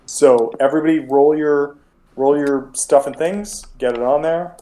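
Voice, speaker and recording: A man's voice: on the high side, a little slow, warm tone. A man running a tabletop game as game master, talking casually and rambling, with frequent restarts.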